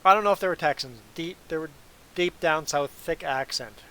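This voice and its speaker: On a poor-quality recording, a male trucker streamer from Canada, a native German speaker, talks with viewers in a casual Q&A. His voice runs on the high side and a bit bright, at a normal speed. He rambles and laughs a lot.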